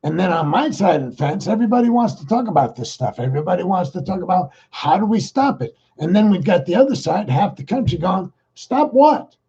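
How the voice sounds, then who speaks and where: A man's voice: high-pitched, expressive, dark tone, breathy edge, highs cut off. A man hosting his own podcast, talking in a rambling, exasperated political monologue. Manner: rambling, exasperated, talks fast. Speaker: podcast host.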